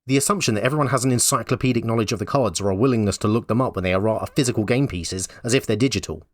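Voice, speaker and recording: Low-voiced wry male commentator. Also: rapid-fire, no room sound, clean studio sound. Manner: wry, blunt, conversational. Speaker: YouTube commentator. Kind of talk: opinion commentary.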